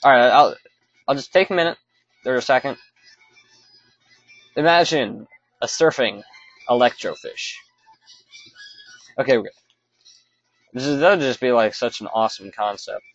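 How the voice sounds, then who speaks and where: A man's voice: medium pitch, moderate pace, pauses often, no echo. A man chats offhandedly over a video game he is playing, trailing off and restarting his sentences as he goes. The recording sounds dull and lo-fi, with faint game music underneath. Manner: rambling, self-correcting, offhand. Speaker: let's play commentator. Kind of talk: casual gameplay commentary.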